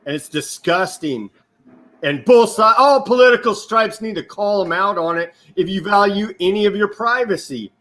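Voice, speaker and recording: A man giving political commentary as a guest, indignant and forceful, asking rhetorical questions. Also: sits high, normal speed.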